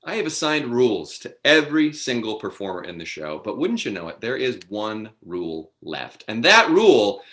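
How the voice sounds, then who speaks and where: A man's voice: fairly low pitch, very animated, moderate pace, hardly any pauses, fairly bright tone, reverberant. A man hosting a live online improv comedy show, announcing the cast and rules with upbeat, theatrical patter over a video call.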